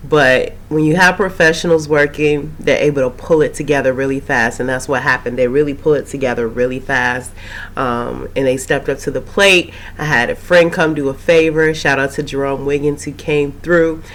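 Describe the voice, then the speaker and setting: A woman recapping a TV episode in a casual, rambling way, her voice slightly hoarse after a cold. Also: rumbling low, fairly even intonation, normal speed, a bit bright. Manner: chatty, rambling, with frequent fillers and asides. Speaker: TV recap host.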